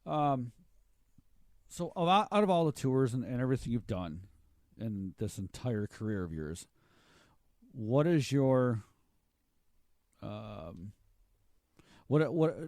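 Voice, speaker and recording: Man, podcast co-host, hesitant, lively intonation. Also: medium pitch, slow, long pauses, dry recording, studio quality. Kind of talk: casual interview questions.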